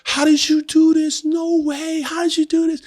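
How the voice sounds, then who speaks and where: A man voicing his pregnant young wife, squealing in high-pitched disbelief. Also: monotone, moderate pace, a little mellow. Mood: amazed.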